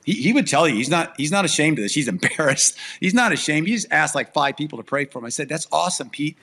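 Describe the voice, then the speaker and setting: A middle-aged man talks through a personal story as an interview guest. He is earnest and emphatic, and his voice breaks into tears. His voice sits a bit higher than most men's. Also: expressive, fast, creaky, sharp tone. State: tearful. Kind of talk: emotional personal testimony.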